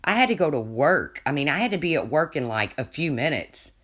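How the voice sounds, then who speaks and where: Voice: medium pitch, very animated, fairly quick, a bit bright. Rambling chatty livestreamer telling stories. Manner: chatty, rambling, restarts often, laughs at own stories. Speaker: livestreamer answering chat. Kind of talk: casual rambling storytelling.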